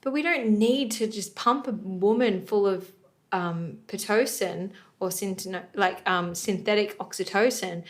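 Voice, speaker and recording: A woman's voice: mid-range voice, unhurried. A woman co-hosting a podcast in casual chat, rambling with many restarts.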